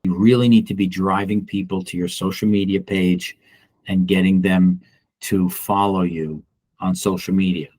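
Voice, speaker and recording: A middle-aged man, a real estate broker giving a casual office training talk in a blunt, animated way and acting out the people he quotes. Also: deep voice, normal speed, slightly rough, dry recording.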